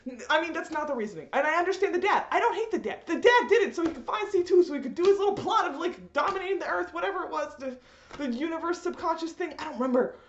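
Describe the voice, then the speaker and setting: A young woman with a high, lively voice rants in an exasperated, animated way and laughs often. The sound is slightly dull, and the room around her is echoey. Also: quick pace, slight background noise. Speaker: vlogger. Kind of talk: ranting vlog.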